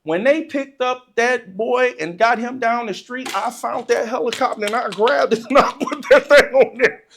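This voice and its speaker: An animated storyteller telling a funny childhood story, laughing often and acting out the excitement in casual, informal speech. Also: mid-range voice, normal speed, gravelly, slight background noise. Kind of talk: comedic personal storytelling.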